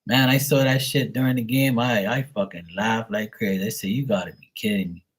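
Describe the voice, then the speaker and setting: A man's voice: on the low side, fairly even intonation, brisk, husky. A man hosting a live stream, telling jokey stories in casual, profane chat and laughing often. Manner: profane, joking storyteller who laughs often. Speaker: livestream host.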